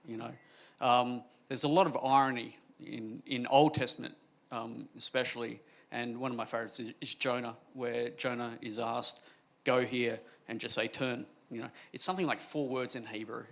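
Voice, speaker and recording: A man's voice: medium pitch, creaky, a bit bright. A man on a comedy panel who tells jokey stories in a loose, rambling way. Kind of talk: panel discussion.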